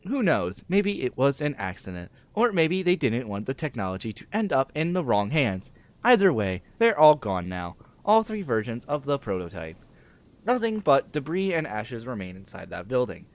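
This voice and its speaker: A streamer reading aloud the lines of a wistful male character from a game, in a measured, elegiac way. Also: mid-range voice, sing-song, pitched below the performer's own voice.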